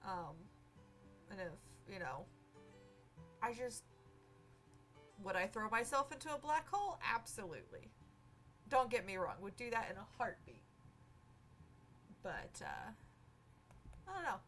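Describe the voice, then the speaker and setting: A woman's voice: medium pitch, huge pitch swings, a little slow, pauses often, fairly bright tone, faint music behind. A woman streaming a game live, chatting in a rambling, easygoing way. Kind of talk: live game playthrough chat.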